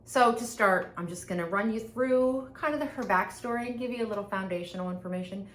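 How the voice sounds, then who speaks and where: A woman guest presenting a prepared tribute, speaking deliberately with lively emphasis. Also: mid-range voice, reverberant, slight background noise. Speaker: guest giving a tribute to her mother.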